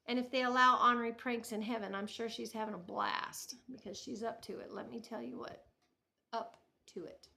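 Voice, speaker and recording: Bright-voiced chatty woman vlogger. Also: fairly high pitch, fairly even intonation, normal speed, vocal fry. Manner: chatty, laughs often, restarts sentences. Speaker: knitting vlogger. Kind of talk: casual storytelling to camera.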